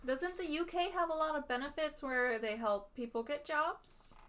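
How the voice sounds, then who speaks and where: A woman's voice: sits high, normal speed, a bit bright. A woman from Wisconsin, co-hosting a tarot livestream with playful, jokey banter. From Wisconsin, USA. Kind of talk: casual livestream chat.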